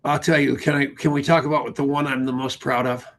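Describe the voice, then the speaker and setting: A man's voice: medium pitch, level tone, fast, fairly bright tone. A man hosting a podcast, chatting casually and telling stories, acting out what other people said. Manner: storytelling, acts out quoted dialogue. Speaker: podcast host. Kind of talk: casual conversation.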